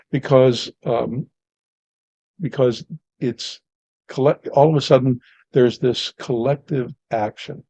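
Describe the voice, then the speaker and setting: A man's voice: mid-range voice, fairly even intonation, normal speed, gravelly, mellow, no room sound, rough recording. A man hosting a podcast, talking in a philosophical, emphatic way about truth and experience. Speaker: podcast host. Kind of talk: casual conversation.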